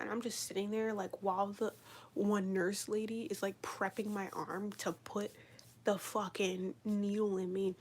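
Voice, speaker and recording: Breathy woman rambling through a story. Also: mid-range voice, level tone, unhurried. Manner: rambling, profane, fillers of "like"; drops into a hushed whisper at times. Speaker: vlogger on a live stream. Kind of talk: casual storytelling chat.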